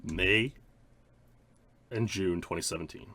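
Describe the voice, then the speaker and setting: A man's voice: low voice, slow pace, sharp tone. A man, a speedrunner, giving rambling, reflective commentary on his own old streams. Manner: rambling, many restarts and "like" fillers.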